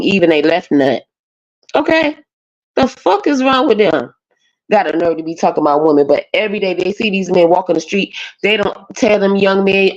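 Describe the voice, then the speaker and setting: Woman w/ going off on a stream panel, swears a lot, muffled lo-fi audio. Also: fairly low pitch. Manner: blunt, profane, animated. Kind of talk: casual rant on a live panel.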